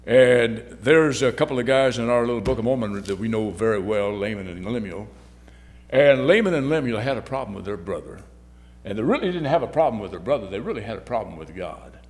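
A man giving a sermon, halting and repeating words, his voice swinging between loud and soft. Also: fairly low pitch, expressive. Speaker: lay preacher. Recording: long hall reverb.

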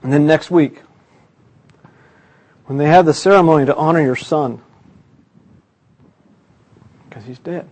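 A man preaching a dramatic sermon story, swinging between loud bursts and hushed, quiet passages. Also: fairly high pitch, measured pace, pauses often.

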